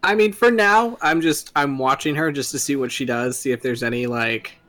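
A man's voice: medium pitch, moderate pace, fairly bright tone. Eager man playing a tabletop game. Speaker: player. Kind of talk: casual play chat.

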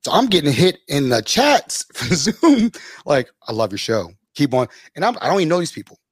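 A man, a podcast host telling stories as a guest, lively and acting out the people he quotes. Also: normal speed, slightly rough, dry recording, studio quality. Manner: animated, acts out quoted people with big pitch jumps. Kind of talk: casual storytelling in an interview.

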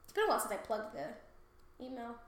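A woman's voice: a little high, wildly swooping pitch, fast talker, very echoey. A woman co-hosting a podcast in casual chat, loose and profane, laughing often. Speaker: podcast co-host.

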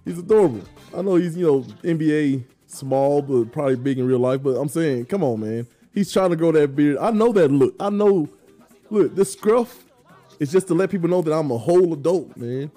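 A man's voice: on the high side, moderate pace, mellow, soft background music. A male podcast host in a casual sports debate, teasing his co-host and reading viewer comments.

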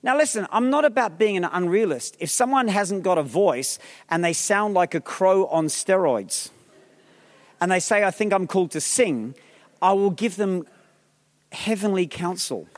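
A male pastor preaching an energetic sermon, rousing the crowd with repeated questions and calls, mixing in humorous asides. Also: high voice, measured pace. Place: large theatre hall. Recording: long reverb of a large theatre.

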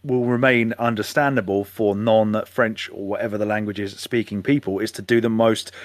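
A man from England co-hosting a casual podcast, animated, swearing casually and mimicking voices. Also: lowish voice, moderate pace, dry recording, studio quality. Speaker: podcast co-host. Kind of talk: casual chat.

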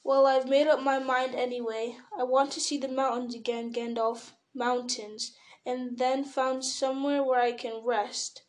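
A fussy, stubborn old hobbit, voiced by a woman reading a book aloud. He sounds fretful and turns sharp and defensive. The voice sits a little high. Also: flat delivery, a little slow. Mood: weary. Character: elderly male hobbit, fussy, stubborn, possessive.

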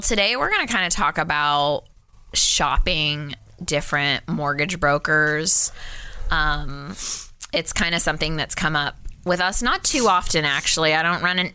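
A woman co-hosting a casual podcast, chatty and upbeat. Her voice sits low but sounds bright, smooth and clean. The recording is close and dry. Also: no echo. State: a little under the weather. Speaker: podcast co-host, mortgage broker.

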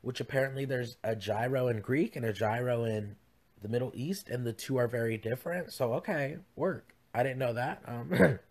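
A young man chats on his home podcast in a campy, gossipy way, wandering off into tangent after tangent. His voice sits at an ordinary middle pitch and he keeps it loose and conversational. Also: moderate pace. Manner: chatty, campy, rambling asides. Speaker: podcast host. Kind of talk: casual chat. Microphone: podcast mic.

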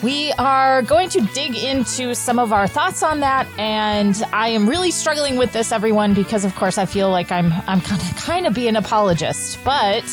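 A woman's voice: a little high, animated, moderate pace, hardly any pauses, music in the background. A woman hosting a podcast, chatting casually in an earnest, talkative way. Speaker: podcast host. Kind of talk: casual chat.

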